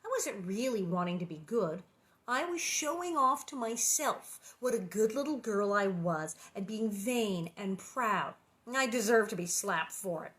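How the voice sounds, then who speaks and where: A woman voicing an earnest, pious teenage girl in a storybook read-aloud, speaking softly and solemnly. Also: medium pitch, expressive, measured pace. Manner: soft, confessional, solemn.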